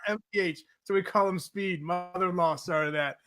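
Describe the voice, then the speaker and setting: A man's voice: high voice, steady tone, normal speed, loud music behind the voice. A man co-hosting a casual show, reading listener comments with enthusiasm and frequent laughter. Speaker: podcast co-host.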